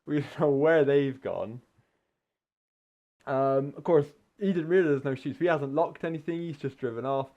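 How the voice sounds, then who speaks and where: A man from the UK casually telling a long story, swearing often, laughing mid-sentence and acting out shouted quotes. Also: on the high side, moderate pace, muffled recording. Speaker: gaming podcast co-host telling a story.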